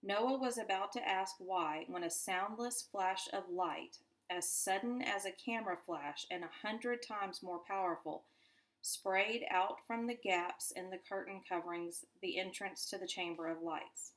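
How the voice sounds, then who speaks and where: A woman teacher reading a children's novel aloud to her class in a deliberate storytelling manner. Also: medium pitch. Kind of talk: children's book read-aloud.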